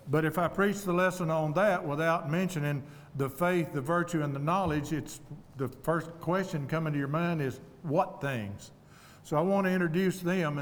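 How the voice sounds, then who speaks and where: An earnest man delivers a sermon from the pulpit in a measured, humble way, pausing deliberately between phrases. His voice sits a little high for a man. The sound carries the long reverb of a church auditorium. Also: a little hiss or hum. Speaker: preacher. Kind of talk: evening sermon.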